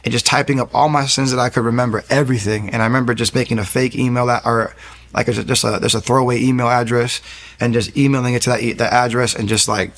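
Earnest gravelly-voiced man telling his story. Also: mid-range voice, fairly even intonation, fairly bright tone. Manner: earnest, rapid storytelling with restarts. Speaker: guest giving a faith testimony. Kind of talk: personal testimony storytelling.

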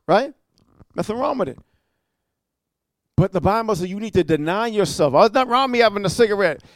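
A man preaching a fiery evangelistic sermon, emphatic and full of "amen" and "huh?", swinging from quiet asides to loud declarations. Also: high voice, expressive, a little fast, no echo.

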